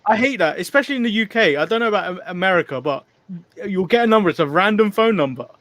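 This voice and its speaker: A man's voice: high-pitched, lively intonation, quick pace, fairly bright tone. Giggly male co-host. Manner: giggly, recaps events in long run-on sentences. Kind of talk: casual podcast recap.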